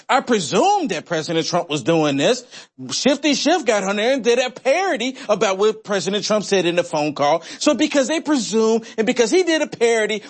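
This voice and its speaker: A man hosting a political commentary show, indignant and sarcastic, firing off rhetorical questions. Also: very high voice. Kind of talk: opinionated commentary.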